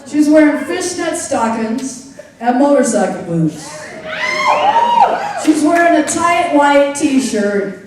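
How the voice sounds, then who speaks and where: A woman telling a story live on stage, deliberate and dryly wry, confiding in the audience. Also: high voice, very animated, crowd noise, background noise. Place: theater stage. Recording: echoey theater from far off.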